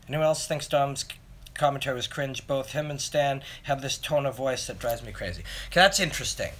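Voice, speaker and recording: A man's voice: medium pitch, fairly bright tone. A man hosting a casual live stream, rambling through fight analysis and answering viewer comments from his phone. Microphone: phone camera.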